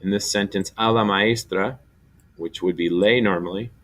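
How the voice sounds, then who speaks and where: A man teaching a recorded Spanish grammar lesson, explaining step by step and slowly spelling out syllables. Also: lowish voice, a bit bright.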